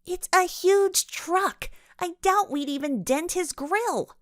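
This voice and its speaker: A sensible young girl detective, played by a woman narrator, answers in a high, wry, matter-of-fact voice, clearly lifted well above the reader's own tone. The sound is dry and close. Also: takes it slowly, no room sound.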